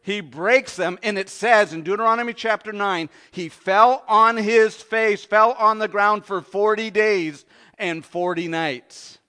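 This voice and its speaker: A man preaching a sermon, swinging from hushed low lines to loud ones and asking the congregation questions. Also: unhurried, clean tone. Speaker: pastor.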